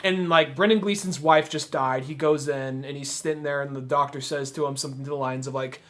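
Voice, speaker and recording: A man with a notably high speaking voice co-hosts a casual podcast about films. He rambles through his thoughts with plenty of fillers and slips into little acted-out quotes of the characters. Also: steady tone, a little fast, a bit bright. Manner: rambling, many fillers, acts out quoted lines. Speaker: podcast co-host. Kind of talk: casual film discussion.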